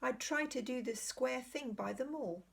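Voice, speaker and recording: A woman's voice: sits high, unhurried, creaky, breathy edge, full character voice. A woman reading aloud, voicing a modest, honest male cabbie with a Cockney accent who speaks deferentially. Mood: humble. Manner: shy, deferential, plain-spoken. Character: humble middle-aged male London cabbie, modest and honest.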